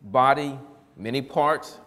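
A man preaching a casual, folksy sermon, animated and quick to laugh at his own points. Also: medium pitch, long reverb tail.

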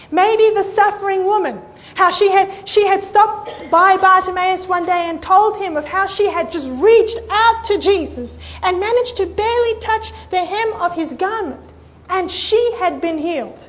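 A young adult woman preaching a sermon, telling a story in an animated way and acting out the quoted voices. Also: very high voice, dull audio. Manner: animated, acts out the quoted voices, addresses listeners as friends.

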